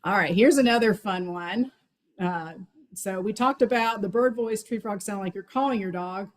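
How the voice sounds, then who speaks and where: A woman's voice: mid-range voice, moderate pace, rough recording. A woman giving a chatty, enthusiastic talk on frog calls as a wildlife outreach coordinator, with many fillers.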